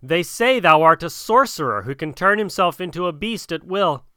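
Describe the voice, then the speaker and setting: An anxious, loving mother, as a male narrator voices her, pleading urgently. The voice is raised in pitch and bright, with lively inflection. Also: normal speed, clear, resonant tone, dry recording, studio quality.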